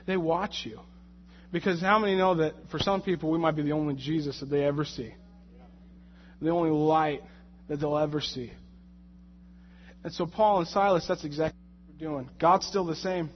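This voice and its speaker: Guy preaching casual, tells a jokey story, slightly high voice, gets loud and worked up, kinda dull muffled sound. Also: normal speed, pauses often, a little hiss or hum. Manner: animated, jokey storytelling with rising, shouted anger in the retold moments. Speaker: lay preacher. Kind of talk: conversational sermon with a personal story.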